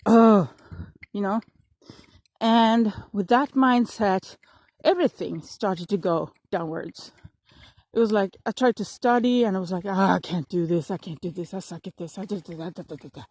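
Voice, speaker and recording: A woman's voice: mid-range voice, a little mellow, no room sound. A woman vlogger, a native Swedish speaker, chats through her thoughts while out walking her dog. She talks casually and dramatizes her inner voice with sighs. The sound is dry and close, with no room around it. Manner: chatty, acts out her own thoughts with sighs and little voices. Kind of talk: casual motivational talk on a walk. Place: outdoors on a walk with her dog.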